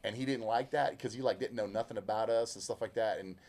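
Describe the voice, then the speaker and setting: A man with a Southwest Louisiana accent and a gravelly growl in his voice, telling a rambling, folksy story in casual chat as a country singer guest. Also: lowish voice, fast talker, darkish tone. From Lake Charles, Louisiana. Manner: rambling, folksy, self-interrupting. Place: inside a vehicle.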